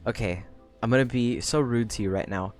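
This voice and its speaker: A young woman streamer chatting casually into a desk mic, rambling and energetic, swearing freely. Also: very deep voice, brisk, soft background music. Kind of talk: casual live-stream chat.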